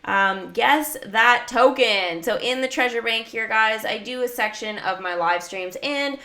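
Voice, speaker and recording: A woman's voice: on the high side, a little slow, sharp tone. A woman casually commenting on a mobile game in a livestream, chatting with her viewers. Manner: chatty, talks to chat and viewers. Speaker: gaming livestreamer.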